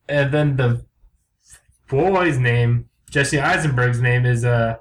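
A young man co-hosting a comedy podcast, chatting casually with sarcastic, deadpan asides. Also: mid-range voice, slow pace. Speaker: podcast co-host.

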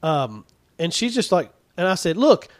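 A man, casually telling a profane, animated story about being an assistant coach in a youth league. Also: on the high side, normal speed. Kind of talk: casual chat.

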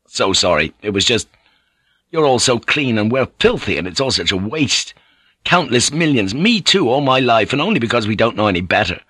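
A man's voice: medium pitch, sing-song, moderate pace, pushed and bright, breathy edge, no room sound, heavily acted. A man voicing an angry, passionate English sailor. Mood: bitter. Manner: raging outbursts, emphatic.

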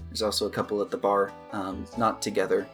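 A man's voice: lowish voice, little pitch movement, fairly quick, a bit bright, soft background music. A man narrating a tabletop game as game master, in a casual, joking way.

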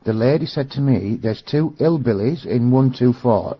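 A man's voice: medium pitch, moderate pace, a little hiss or hum. A man with an English accent playing hotel staff in a prank phone call, mock-polite and needling. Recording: lo-fi phone line.

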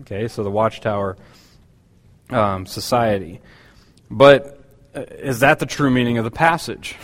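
A man's voice: medium pitch, steady tone, unhurried, big-room sound. A man preaching a Bible-teaching sermon, explaining a passage with frequent restarts and fillers. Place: church hall.

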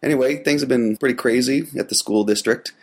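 A man hosting a solo tech podcast with a cold, his voice gravelly, talking in a relaxed, rambling way with many fillers. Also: medium pitch, a little fast. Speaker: podcast host. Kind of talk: casual solo podcast monologue.

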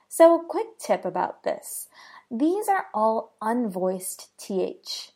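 A woman with an American accent teaching pronunciation, speaking very deliberately and repeating each example word three times. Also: medium pitch, very animated, mellow. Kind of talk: slow, careful pronunciation lesson.

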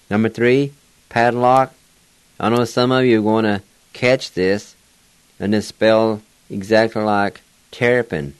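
A man teaching words in a slow, deliberate lesson, spelling them out letter by letter. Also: fairly low pitch, clean tone, no room sound. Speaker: language teacher.

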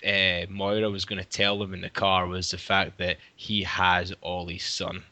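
Podcast co-host, male, chatty and giggly, bright low voice, dry close sound. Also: monotone, normal speed, no room sound. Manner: chatty, laughs often, trails off and restarts. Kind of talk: casual chat.

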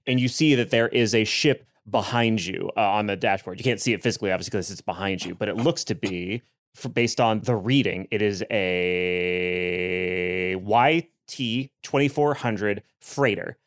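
A man's voice: on the low side, normal speed. Easygoing man running a tabletop game. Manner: casual, conversational narration. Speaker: game master.

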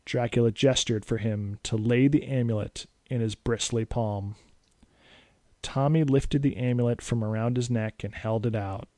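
A man narrating a scripted spooky story in a brisk, steady way. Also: mid-range voice, no room sound, clean studio sound.

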